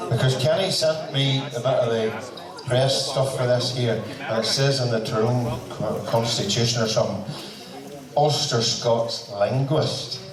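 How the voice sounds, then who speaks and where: A man with a Northern Irish accent and medium-pitched voice compères a band concert at an unhurried pace, chatty and teasing as he tells stories between joking introductions. Captured from far off in an echoey concert hall, crowd noise is audible.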